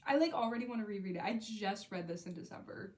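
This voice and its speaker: A young woman vlogs about books she loves in a mid-range, darkish voice, talking fast with lively intonation. Her casual review monologue is gushing and emotional, packed with "like," other fillers, and half-finished sentences.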